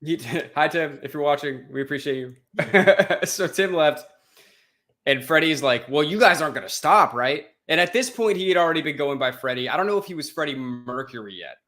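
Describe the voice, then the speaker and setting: A man's voice: fairly high pitch, lively intonation, fairly quick, a bit bright. An American man co-hosting a podcast, chatting loosely, swearing casually and laughing often. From United States. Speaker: podcast co-host. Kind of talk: casual chat.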